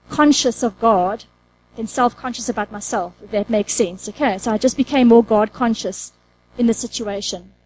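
A woman's voice: on the high side, warm tone, rough recording. A woman preaching a conversational sermon, asking the audience questions and acting out her own inner dialogue.

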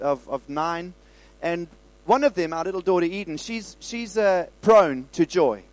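A middle-aged man from South Africa preaching a lively sermon, repeating phrases and stumbling over restarts. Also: sits high, no echo, poor audio. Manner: animated, repetitive preaching with stammered restarts. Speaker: pastor. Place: church service.

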